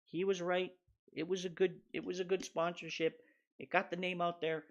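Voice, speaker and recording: Give me a man with a slightly high voice, chatting loosely and profanely on a livestream. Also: level tone, moderate pace, muffled recording. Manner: profane, laughing, loose and offhand. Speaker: stock market livestream host. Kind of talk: casual rambling livestream talk.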